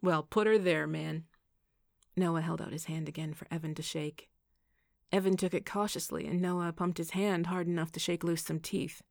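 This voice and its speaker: A woman's voice: lowish voice, fairly even intonation, normal speed, vocal fry, darkish tone, no room sound, studio quality. A woman reading the part of a playful, teasing young man in an audiobook, speaking grandly and boisterously.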